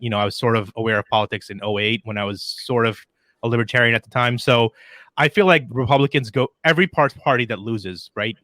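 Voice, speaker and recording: A man's voice: on the low side, fairly bright tone, no echo. A man as a podcast guest, chatting casually about politics and rambling with many restarts.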